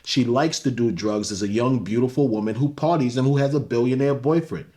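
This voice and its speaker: A man's voice: mid-range voice, brisk, mellow. A man, a guest on an interview show, speaking bluntly and matter-of-factly. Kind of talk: candid interview talk.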